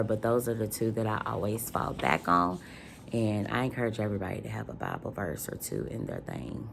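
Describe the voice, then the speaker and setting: A woman's voice: extremely low pitch, vocal fry, noisy background. A woman vlogger in casual chat, answering questions, chatty and rambling with frequent ums.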